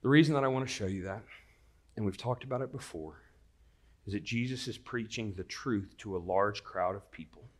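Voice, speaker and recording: A man preaching a sermon, moving from a quiet, earnest prayer into lively storytelling to his congregation. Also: on the low side, moderate pace. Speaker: pastor.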